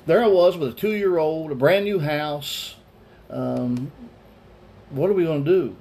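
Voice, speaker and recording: Male pastor, forties, slightly high-pitched, earnest testimony-style Bible teaching. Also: measured pace, a little mellow. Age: 40s. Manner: earnest personal storytelling.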